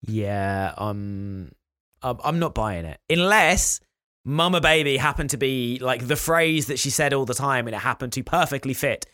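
A man's voice: medium pitch, lively intonation, normal speed, sharp tone, no echo, clean studio sound. A man co-hosting a podcast, explaining facts and telling stories in casual chat. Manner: explaining, storytelling. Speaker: podcast co-host.

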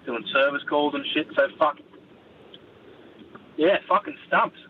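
A man's voice: a little high, a little slow, narrow, tinny audio, a little hiss or hum. Aussie man calling from his car. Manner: rambling, sweary. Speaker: caller. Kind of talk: phoned-in voice message. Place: driving in a vehicle.

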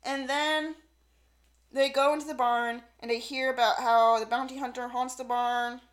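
A woman co-hosting a podcast in casual chat, retelling events in an animated way with lots of fillers. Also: high voice, normal speed. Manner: animated storyteller, lots of "like" and "so yeah". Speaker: podcast co-host. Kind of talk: casual chat recapping a show.

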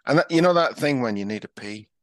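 A man's voice: medium pitch, expressive, fast, fairly bright tone, no echo. A man co-hosting a comedy podcast, telling self-deprecating stories in a chatty, easygoing way. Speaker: podcast co-host.

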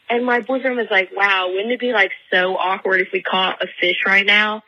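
Young woman caller, very bright husky voice, chatty storyteller full of fillers. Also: mid-range voice, normal speed, poor audio. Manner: chatty, filler-heavy, animated retelling.

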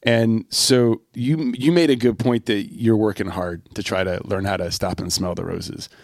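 A man's voice: fairly low pitch, fairly even intonation, moderate pace, creaky, a little mellow, no echo, clean studio sound. A man co-hosting a podcast, talking candidly with his wife in a reflective, self-deprecating way. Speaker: podcast co-host.

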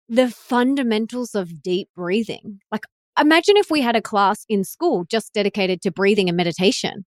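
A woman's voice: fairly high pitch, no echo, studio quality. A woman hosting a podcast in casual conversation, enthusiastic and affirming. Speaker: podcast host.

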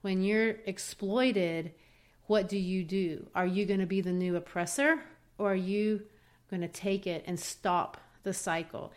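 A woman teaching literature, analysing a play in animated discussion. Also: mid-range voice, unhurried.

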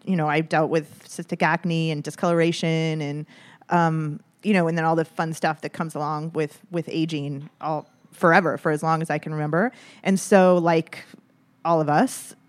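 A woman's voice: low voice, flat delivery, moderate pace. A woman who founded a skincare brand, talking as an interview guest in a hotel room, enthusiastic and often searching for words. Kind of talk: interview conversation.

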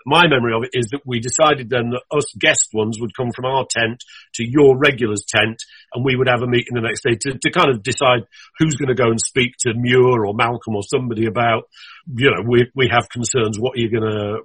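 A man's voice: medium pitch, steady tone, fairly quick, a bit bright, breathy edge, no echo, rough recording. A man thinking back on past events in conversation, often hedging on how well he remembers them. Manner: reflective, hedges about his memory. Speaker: guest. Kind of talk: reminiscing conversation.

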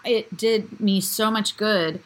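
A woman with a medium voice speaks in a relaxed conversation. She lays out her point patiently, piece by piece, in a supportive tone. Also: medium pitch, slow pace. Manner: supportive and explanatory, builds points step by step. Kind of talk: casual chat.

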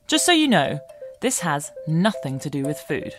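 A woman's voice: low voice, big pitch swings, moderate pace, music in the background. A woman, hosting a personal podcast in a candid, self-mocking way. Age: 30s. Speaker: podcast host.

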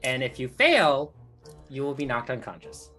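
A low-pitched woman runs a tabletop game as dungeon master, stopping and restarting as she explains homebrew rules. Soft music plays faintly behind her. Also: sing-song. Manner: halting, many fillers and restarts.

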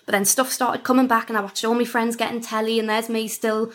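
A woman's voice: on the high side, brisk. Chatty young woman comedian. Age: 20s. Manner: chatty, animated storytelling with frequent "like" and laughter. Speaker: stand-up comedian guest. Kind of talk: casual interview chat.

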